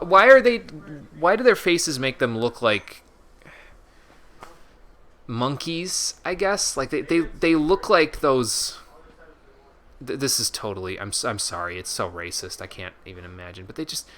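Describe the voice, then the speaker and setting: Bright-voiced male game streamer. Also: medium pitch, animated, a little slow, long pauses. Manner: reads game menus aloud, chatty asides to viewers. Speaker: gaming streamer. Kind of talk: casual let's-play commentary.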